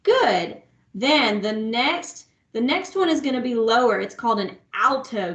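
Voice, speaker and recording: A woman teaching young children music, slow and patient, asking them to repeat words after her. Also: a little high, lively intonation, a bit bright. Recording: echoey room.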